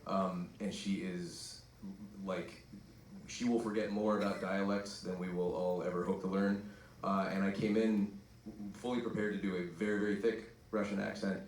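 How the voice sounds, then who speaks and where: A man's voice: low voice, little pitch movement, normal speed, far from the mic, slight background noise. A man, a voice actor on a film panel, talking in a joking, laid-back way. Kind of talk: casual panel talk. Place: event hall with audience. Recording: echoey hall, mic heard from afar.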